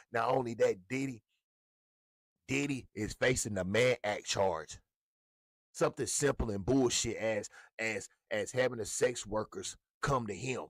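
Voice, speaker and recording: A man's voice: mid-range voice, no room sound, clean studio sound. Profane, heated male blogger rant. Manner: profane, heated, repetitive ranting. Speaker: hip hop blogger. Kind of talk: ranting commentary.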